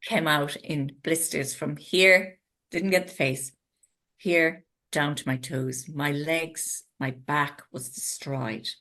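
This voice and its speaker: Low-voiced Irish woman telling stories. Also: slow. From Ireland. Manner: animated storyteller who acts out her own past thoughts. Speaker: interview guest, retreat owner. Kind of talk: casual conversational interview.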